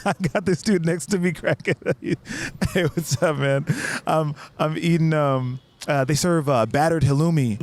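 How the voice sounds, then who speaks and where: A man from the United States casually telling a travel story, with many swings between low, quiet asides and high, excited bursts. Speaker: vlogger recounting a trip.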